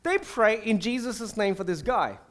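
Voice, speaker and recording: A man with a high voice delivers a sermon in an animated, conversational way. He slips into acted-out prayers and quotes and restarts his sentences as he goes. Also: normal speed. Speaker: preacher.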